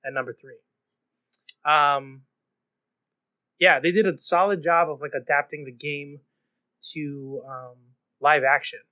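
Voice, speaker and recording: A man's voice: on the high side, fairly even intonation, unhurried, pauses often, sharp tone, no echo. A young man co-hosting a podcast, chatting casually in a laid-back, hesitant way with many ums. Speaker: podcast co-host. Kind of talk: casual chat.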